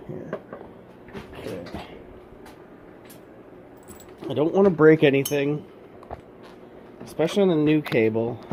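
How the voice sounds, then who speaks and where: A man's voice: medium pitch, background noise. Guy talking through a car job in his workshop, kinda rambly, mutters to himself, breathing hard, camera just sitting there. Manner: rambling, self-correcting, muttering asides while working. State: breathing heavily from physical work. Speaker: home mechanic demonstrating a repair. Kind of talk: casual how-to talk while working. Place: car workshop, working in and under a car. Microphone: camera set up alone with no operator.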